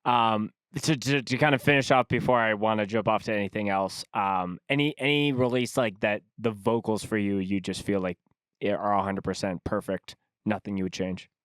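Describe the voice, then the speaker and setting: Male host, lowish, smooth voice, rambling questions, dry room. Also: steady tone, moderate pace, a bit bright, dry recording. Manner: long winding questions with restarts. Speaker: podcast host. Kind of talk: interview questions.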